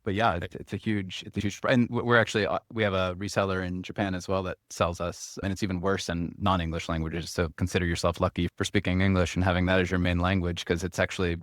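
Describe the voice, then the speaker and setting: Deep-voiced fast-talking male tech guest. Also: dry recording, clean studio sound. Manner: fast, energetic talker with many restarts and "like"s. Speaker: company co-founder and guest. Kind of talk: casual interview chat.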